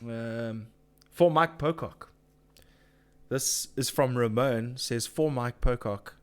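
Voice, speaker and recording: A man's voice: medium pitch, slow pace, clear, resonant tone. A man hosting a casual live chat, ranting with swearing and reading out viewer comments. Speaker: live-stream host.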